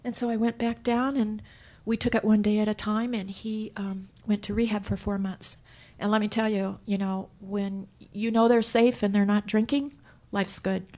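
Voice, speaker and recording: A woman giving a personal story share at a recovery meeting, animated and acting out her own thoughts as she tells it. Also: medium pitch, normal speed. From Southern California. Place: hotel conference room.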